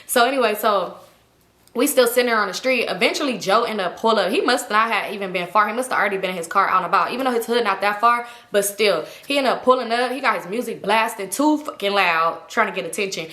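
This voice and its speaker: A young woman telling a storytime tale to her viewers in a casual, animated, slangy and profane way. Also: medium pitch, quick pace, echoey room. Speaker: storytime vlogger.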